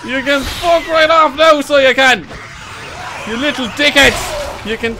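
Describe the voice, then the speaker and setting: A young man doing let's play commentary on a horror game, swearing freely and yelling at enemies. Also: very high voice, a little slow, noisy background. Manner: swears a lot and yells at enemies. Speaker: gaming YouTuber.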